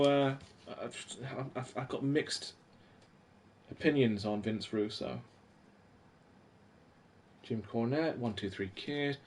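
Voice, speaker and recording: A man's voice: mid-range voice, slight background noise. A man in his forties chatting casually on a live stream from home, reading old magazines aloud and talking to viewers. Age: 40s.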